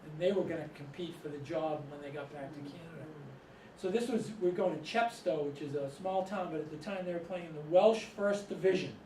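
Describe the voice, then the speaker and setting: A middle-aged man from Massachusetts with a fairly high voice spins rambling anecdotes to a live audience and chuckles as he goes. He is caught from some distance in an echoey room, and a steady layer of noise sits under his voice. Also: fairly quick. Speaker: author and storyteller. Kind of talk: storytelling talk to a live audience.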